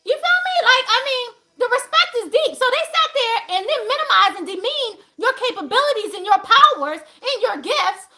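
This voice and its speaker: A woman's voice: very high-pitched, lively intonation, moderate pace, hardly any pauses, bright, forceful tone. A woman hosting a livestream talk to viewers, emphatic and profane, laughing often as she preaches. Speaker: spiritual channel host.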